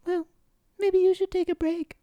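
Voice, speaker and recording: A man in falsetto as a coy giggly young woman. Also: flat delivery, moderate pace, warm tone, no room sound, highs cut off. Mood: coy teasing. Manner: high falsetto, teasing. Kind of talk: comedic re-enactment of a film scene.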